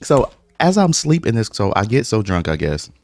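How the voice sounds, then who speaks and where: Man vlogger, deep voice, casual profane storyteller mid-meal. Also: sing-song, fairly quick, a little mellow, no echo, faint music behind. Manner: speaks through eating breaks. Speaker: mukbang vlogger. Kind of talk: casual storytime while eating.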